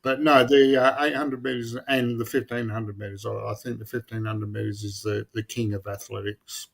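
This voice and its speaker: A man's voice: fairly low pitch, little pitch movement, moderate pace, gravelly. A middle-aged man co-hosting a podcast in casual, rambling chat, swearing and restarting often. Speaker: podcast co-host.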